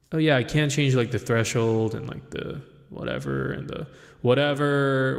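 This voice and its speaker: A man's voice: medium pitch, animated, moderate pace. A young man streaming live, chatting casually and rambling to himself as he tweaks his mic settings. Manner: rambling, talks to himself while adjusting audio settings. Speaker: livestreamer. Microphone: studio mic with compressor.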